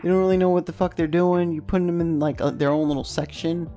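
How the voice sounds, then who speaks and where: A young man from New York chats on a podcast, telling animated stories full of swearing. His voice has a gravelly edge, and faint music plays behind him. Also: a little high, fast. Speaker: podcast co-host. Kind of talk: casual chat.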